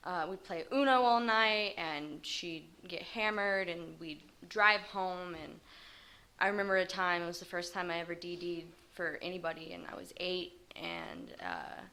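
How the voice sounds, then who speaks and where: A woman giving a personal testimony to a group. Her voice sits low for a woman yet sounds bright and forward. She speaks haltingly, pausing often as she recalls her past. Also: expressive. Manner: halting and hesitant, with frequent pauses. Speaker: recovery group member sharing her story.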